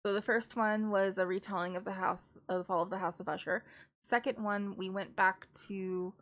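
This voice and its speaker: A woman's voice: mid-range voice, fairly even intonation, normal speed, fairly bright tone. A woman casually reviewing books on a live stream, chatty and rambling, with frequent laughs and restarts. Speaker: book streamer.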